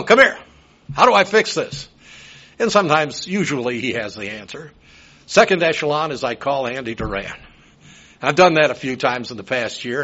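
A man's voice: medium pitch, a bit bright. A man, preaching a sermon in a folksy, rambling way with personal asides. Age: 70s. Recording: dull lo-fi sound.

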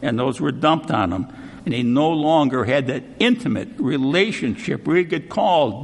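Gravelly-voiced male preacher in a hall. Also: on the high side, lively intonation, moderate pace. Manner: conversational, repeats "see?" often. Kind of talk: sermon.

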